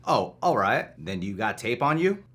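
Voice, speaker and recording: A man playing a boastful, touchy male security guard in an improvised comedy skit, talking loudly and teasing. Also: mid-range voice, very animated, normal speed. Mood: brash. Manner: loud, boastful, teasing, over-sharing.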